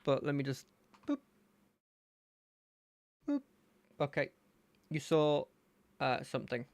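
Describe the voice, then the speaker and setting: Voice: mid-range voice, fairly even intonation, moderate pace, gravelly, darkish tone, no room sound. A game streamer chatting casually and playfully while playing a fangame, thinking aloud. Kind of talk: casual gameplay commentary.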